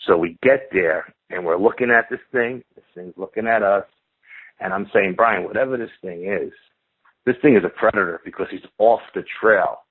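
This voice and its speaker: Low-voiced guy telling his story on a tinny phone line, chatty, swears a lot, keeps saying like and you know. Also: husky. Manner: talkative, dramatic, acts out what people said; loose speech with "like" and "you know" fillers and swearing. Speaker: eyewitness telling his encounter. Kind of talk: casual spoken storytelling.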